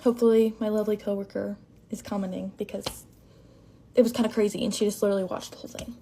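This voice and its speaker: A young woman telling a casual storytime about a rough shift at a drive-thru, rambling and filling her talk with "like". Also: medium pitch, flat delivery, fast talker, noisy background. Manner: chatty, rambling, lots of "like", shaken.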